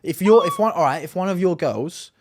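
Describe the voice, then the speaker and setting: A man's voice: high-pitched, animated, fairly quick, crowd noise. A man co-hosting a casual podcast, blunt and heated, swearing a lot as he argues. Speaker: podcast co-host.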